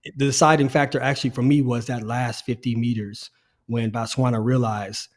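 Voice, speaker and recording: Animated man in casual sports chat. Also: medium pitch, moderate pace. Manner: animated, repeats phrases. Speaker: podcast co-host.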